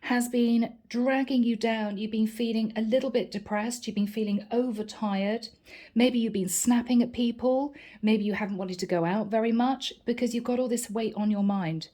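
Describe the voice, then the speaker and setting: A woman's voice: on the high side, moderate pace, mellow. A woman giving a chatty channeled tarot reading, reassuring her viewers and acting out their little everyday grumbles. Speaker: tarot reader.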